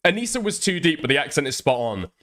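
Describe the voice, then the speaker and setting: A man's voice: fairly high pitch, sing-song, quick pace, fairly bright tone. A man doing casual reaction commentary on a stream, chatty and profane, often laughing as he talks.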